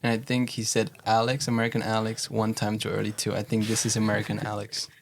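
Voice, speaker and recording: Young male guest, gravelly, eager and quick to jump in. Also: lowish voice, completely flat delivery. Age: young adult. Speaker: podcast guest. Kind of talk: casual chat.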